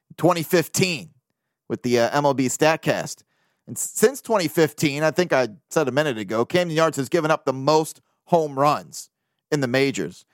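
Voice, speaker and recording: A man hosting a sports podcast, talking through baseball news in a casual, profane monologue that swings between animated bursts and low mumbled asides. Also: no room sound, clean studio sound. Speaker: podcast host.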